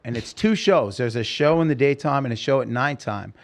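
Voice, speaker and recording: A middle-aged man telling a story as a podcast guest, lively and acting out the voices of the people he quotes. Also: medium pitch, a little fast, gravelly. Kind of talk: casual storytelling interview.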